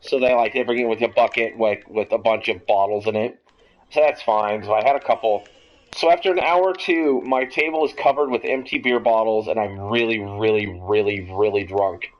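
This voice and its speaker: A young man hosting a podcast, telling a long story in a casual, rambling, animated way and swearing freely. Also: on the low side, normal speed. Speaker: podcast host. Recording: dull lo-fi audio.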